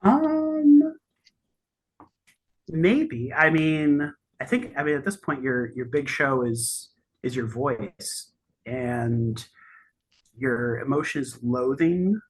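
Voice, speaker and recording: Husky-voiced game master narrating a tabletop game, stop-start delivery. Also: mid-range voice, lively intonation. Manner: halting, full of restarts and fillers.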